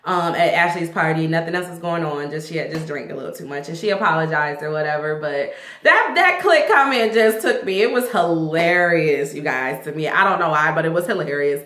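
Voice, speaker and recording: Chatty woman with a bright, echoey voice. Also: low voice, fairly quick. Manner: animated, laughing, profane, acts out quotes. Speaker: vlogger reviewing a reality show. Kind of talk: casual reality-TV recap.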